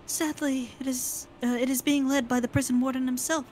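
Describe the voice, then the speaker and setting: Lady reading game text out loud, trips on names, high voice. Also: fairly even intonation, slight background noise, poor audio. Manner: halting, stumbling over names. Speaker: game narrator.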